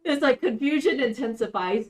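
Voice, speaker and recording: A woman's voice: high voice, animated, moderate pace. Giggly woman streamer in an echoey room. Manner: giggly, hyped, restarts sentences often. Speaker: streamer host. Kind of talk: casual chat on an art stream. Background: faint background music.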